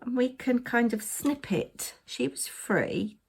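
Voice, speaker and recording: A woman's voice: fairly high pitch, sing-song, slow, husky. A tired woman giving a chatty crafting narration, muttering to herself with playful asides.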